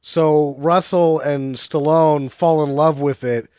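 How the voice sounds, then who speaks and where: Snarky guy cracking up about a bad movie, kinda high voice, dry mic. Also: steady tone, slow, darkish tone, clean tone, no room sound. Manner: sarcastic, swears, laughing riffs. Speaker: podcast co-host. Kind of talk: casual movie-riff chat.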